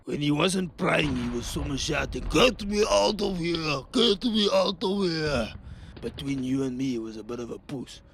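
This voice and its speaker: A man's voice: mid-range voice, brisk, gravelly, few pauses, slight background noise, natural voice. A man with a South African accent playing a crude, swearing, laid-back mercenary soldier. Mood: boastful.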